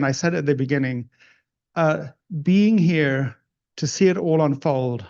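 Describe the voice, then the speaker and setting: A man's voice: fairly high pitch, a little mellow. A man hosting an investor conference, speaking in effusive, casual thank-you remarks on stage, in dull lo-fi audio. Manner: effusive, heaps on praise. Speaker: event host. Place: conference room.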